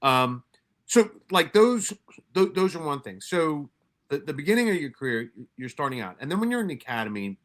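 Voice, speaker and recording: A man raised in New York tells his stories casually, stumbling over restarts and swearing freely. His voice is bright and forceful. He acts out his own lines and those of others as he goes. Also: on the high side, fairly quick. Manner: profane, animated retelling with many restarts and quoted asides. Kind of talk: casual storytelling.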